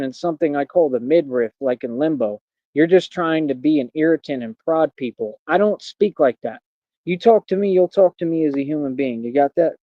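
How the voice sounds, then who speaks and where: A man's voice: fairly high pitch, dry recording, muffled recording. A man hosting a livestream, delivering a boastful, defiant and mocking monologue. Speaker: livestream host. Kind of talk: unscripted ranting monologue.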